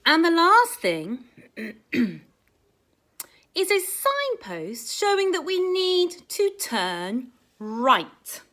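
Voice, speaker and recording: A woman leads a phonics lesson for small children, stretching out each sound in a sing-song, exaggerated way. Her voice is bright and clear, with a pitch that leaps up and down a great deal. She speaks slowly and patiently, dwelling on every letter. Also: huge pitch swings. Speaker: teacher.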